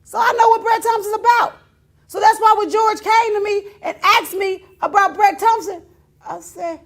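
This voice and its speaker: A woman's voice: very high voice, fairly even intonation, moderate pace. A woman hosting a talk show, telling a long story with frequent laughter and exclamations. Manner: laughing often, mimicking others in quotes, exclaiming. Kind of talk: animated storytelling monologue.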